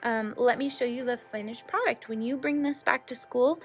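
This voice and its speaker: Gentle, encouraging woman teaching children art. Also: a little high, normal speed, faint music behind. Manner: gentle, encouraging, asks the class questions; drops to a whisper while painting.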